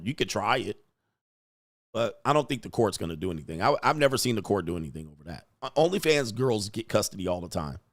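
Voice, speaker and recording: Profane, animated male livestream host. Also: medium pitch. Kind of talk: casual livestream commentary reading chat. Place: home studio.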